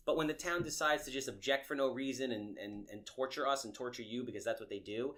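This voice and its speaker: A man's voice: mid-range voice, quick pace, hardly any pauses, sharp tone. A man with a nasal voice, hosting a podcast in brash, joking chat. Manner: brash, joking salesman patter. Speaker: podcast host. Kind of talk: casual interview chat.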